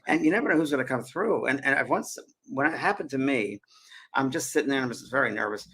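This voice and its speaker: A man hosting a show, telling an animated personal story in casual chat. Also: mid-range voice, fast talker, slightly rough. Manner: animated, repeats and restarts often. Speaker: host.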